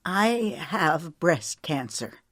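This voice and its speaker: A frightened mother with a trembling voice, breaking hard news, as a woman narrator voices her. The voice sits low and is recorded dry and close. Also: very animated, very slow, a bit bright, dry recording, exaggerated voice.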